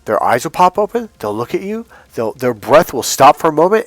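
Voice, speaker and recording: A man's voice: medium pitch, animated, moderate pace, hardly any pauses, no room sound. A man coaching on dating in a casual, blunt monologue, swearing freely and acting out quoted voices. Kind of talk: casual direct-to-camera monologue.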